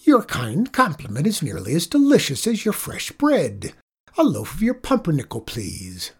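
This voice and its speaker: A storyteller voicing Griselda, a sharp-tongued, grouchy old village woman who scoffs and snaps. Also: medium pitch, huge pitch swings, moderate pace, slightly rough, pitched above the performer's own voice, exaggerated voice. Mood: flustered. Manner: snappish, scornful scoffing.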